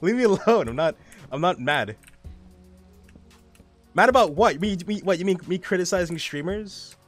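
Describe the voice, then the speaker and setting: A man's voice: high-pitched, animated, moderate pace, soft background music. A young man streaming a game live, rambling casually, reading chat aloud and swearing often.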